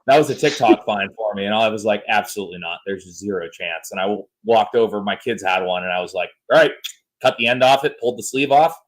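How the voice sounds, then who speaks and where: A man in his thirties hosting a podcast, telling stories in an animated, jokey way with some swearing. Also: fairly low pitch, fast talker, poor audio. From United States. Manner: animated storyteller, jokey and profane. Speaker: podcast host. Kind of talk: casual chat.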